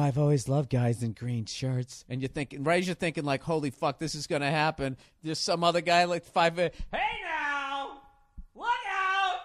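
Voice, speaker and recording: Guy ranting on his podcast, cussing a lot, kinda high voice, loud bursts. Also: no echo, studio quality. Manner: profane, rambling storytelling with loud excited outbursts. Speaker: podcast host. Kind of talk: casual comedic monologue.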